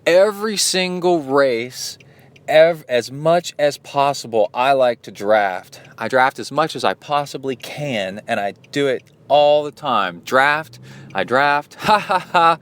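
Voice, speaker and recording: A man voicing a loud, boastful male triathlete who brags about breaking the rules. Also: mid-range voice, expressive, takes it slowly, smooth, voice pushed up. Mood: bragging. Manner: loud, bragging.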